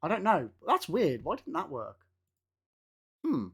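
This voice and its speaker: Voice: medium pitch, wildly swooping pitch, a little slow, a bit bright, husky. A game streamer chatting casually with live viewers, laughing often and swearing now and then.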